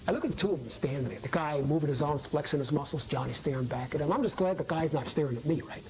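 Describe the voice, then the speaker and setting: A woman's voice: deep voice, quick pace, hardly any pauses, crowd noise, poor audio. A woman telling a first-person story as a monologue, streetwise and conversational, often dropping to a whisper.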